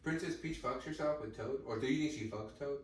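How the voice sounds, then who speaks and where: A man's voice: mid-range voice, a little fast. A young man co-hosting a comedy podcast, chatting casually with crude jokes and frequent laughter. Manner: lively, crude, laughs often. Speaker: podcast co-host. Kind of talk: casual chat. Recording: roomy, distant mic, faint noise.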